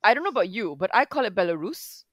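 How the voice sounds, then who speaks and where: A woman in casual chat, animated and quick to jump in and mimic others. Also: on the high side, no echo.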